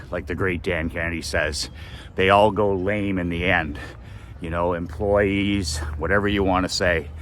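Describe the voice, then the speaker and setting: A man's voice: low-pitched, fairly bright tone, slight background noise. A man giving a blunt, profane motivational talk as a business coach, repeating his key phrase for emphasis. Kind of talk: motivational monologue.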